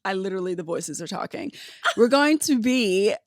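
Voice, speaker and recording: A woman's voice: medium pitch, lively intonation, moderate pace, no echo, studio quality. A woman hosting a podcast, chatting casually in a bubbly, slangy way. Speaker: podcast host.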